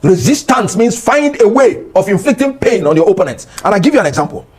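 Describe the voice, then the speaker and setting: A middle-aged Nigerian man speaking with an accent as a guest on a political talk show, passionate and rising toward shouting. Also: high voice, lively intonation, a little fast, husky. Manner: impassioned, rising to near shouting.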